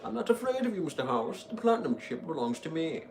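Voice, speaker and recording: A man's voice: a little high, big pitch swings, quick pace, a little mellow, a little hiss or hum, pitched above the performer's own voice. A young man putting on a mock-dramatic voice to play a defiant courier. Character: young male courier defying a tycoon.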